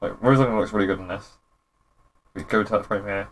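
A young man giving casual, rambling commentary as a gaming YouTuber, with relaxed, slangy reactions. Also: on the low side, fast talker.

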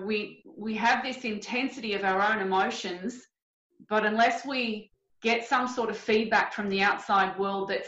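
A woman's voice: mid-range voice, a bit bright. An Australian woman hosting a podcast interview as a coach, earnest and reflective, speaking in long flowing sentences. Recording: roomy, dull lo-fi audio.

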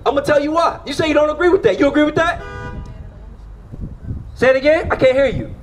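A man with a strikingly high voice preaches outdoors, leaning hard on rhetorical questions and drawing answers back from his listeners. His delivery is emphatic and insistent. Faint street ambience hums behind him. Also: fairly quick, a little hiss or hum.

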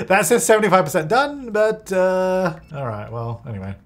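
A man's voice: high-pitched, animated, normal speed. A young man chatting while playing a life-sim game, laughing often and slipping into brief silly voices for the characters. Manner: chatty, laughs often, jumps between playful put-on voices. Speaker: gaming video creator.

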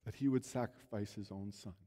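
Male pastor, sermon delivery, mellow tone, earnest storyteller whose voice rises and falls, church hall reverb. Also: on the low side, steady tone, brisk. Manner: earnest storytelling, voice swells and drops. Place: church sanctuary.

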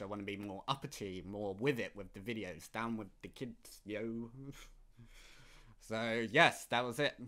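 A man's voice: medium pitch, sharp tone. A young man casually commenting on his own gameplay, rambling and often laughing. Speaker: gaming YouTuber.

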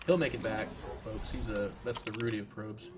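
A man's voice: lowish voice, steady tone, normal speed, noisy background. A man casually commentating his own strategy game match live, chatty and self-mocking with jokey asides. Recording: distant, dull lo-fi mic with loud music. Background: loud background music and keyboard typing.

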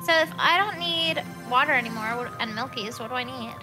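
A young woman chatting through a gaming stream, playful and giggly. Her voice is high and bright in pitch. Game music plays clearly behind her. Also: brisk, low-quality recording. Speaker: co-player on a stream. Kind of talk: casual gaming chat.

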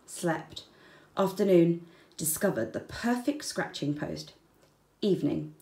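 A woman reading a children's storybook aloud, slow and deliberate, with soft, breathy word endings. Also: fairly low pitch. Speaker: children's book reader. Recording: roomy echo.

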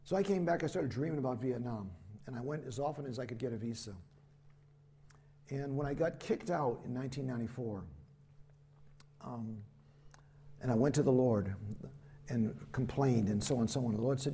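In a church hall, an older American man gives a storytelling sermon in a gravelly, mellow, medium-pitched voice, talking a little fast but with long pauses. He recounts missionary stories with animation, voices the other people's lines himself and laughs at himself, while a faint hiss sounds from the room behind him.

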